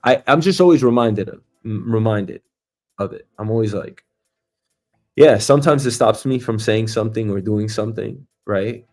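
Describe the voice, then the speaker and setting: A man's voice: on the low side, moderate pace, a little mellow. A man hosting a news talk stream as a comedian, rambling and swearing freely, with lots of filler words. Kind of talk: casual profane commentary.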